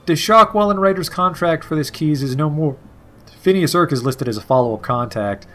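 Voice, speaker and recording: A man voicing an anonymous caller who speaks in a flat, pitch-adjusted monotone, reading game dialogue. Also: moderate pace. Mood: flat formal.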